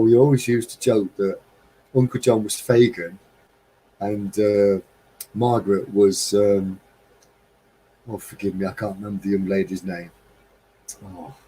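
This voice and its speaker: A man's voice: on the low side, warm tone, a little hiss or hum, poor audio. A middle-aged man from England hosting a live stream, musing in a heartfelt, rambling, wistful way. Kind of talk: reflective casual monologue.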